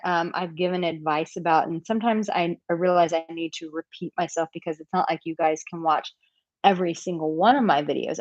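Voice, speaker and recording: An American woman who coaches men on dating chats casually during a live-stream Q&A, using lots of filler words. Her voice sits fairly low, and the lo-fi recording has no echo. She's from the United States and is speaking from home, where she lives in Portugal.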